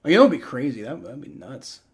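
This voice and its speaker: Excitable young man reacting to a game live. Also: mid-range voice, quick pace. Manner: excitable, rambling, swears freely. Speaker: livestream host.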